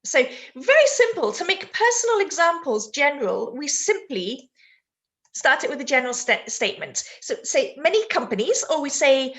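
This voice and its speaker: High-voiced British woman teaching live. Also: very animated, normal speed, fairly bright tone. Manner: chatty, laughs easily, reads chat aloud mid-sentence. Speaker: IELTS teacher. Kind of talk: live online lesson, giving essay feedback.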